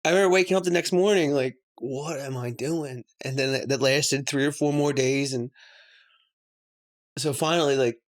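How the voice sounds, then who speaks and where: A man's voice: a little high, steady tone, normal speed, long pauses. Rambling forty-something man. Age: 40s. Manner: rambling, lots of "like" and laughs between words. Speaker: podcast host. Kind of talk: candid personal storytelling.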